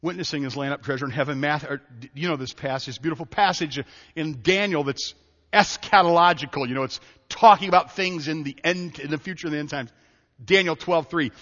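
Folksy middle-aged pastor preaching in a hall. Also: male voice, on the high side, brisk, a bit bright. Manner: folksy, storytelling with self-interruptions and laughs. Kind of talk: sermon. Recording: dull audio with long hall reverb.

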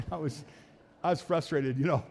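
Folksy middle-aged male pastor, fairly high voice, storytelling sermon, echoing church hall. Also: slow, gravelly, a little mellow, husky. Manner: folksy, acts out family voices in his story. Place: church sanctuary. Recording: reverberant church hall with faint music.

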